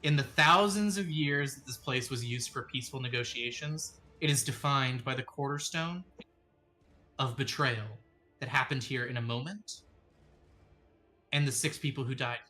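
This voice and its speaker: Bright-voiced man narrating as game master. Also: medium pitch. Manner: descriptive, measured storytelling with sudden quick asides. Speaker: dungeon master.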